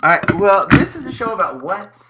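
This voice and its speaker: A man's voice: sits high, big pitch swings, brisk. Guy hosting a radio show, jokey and teasing, music going behind him. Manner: joking, teasing, breaks into laughter. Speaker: radio host. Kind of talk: comedic casual radio chat.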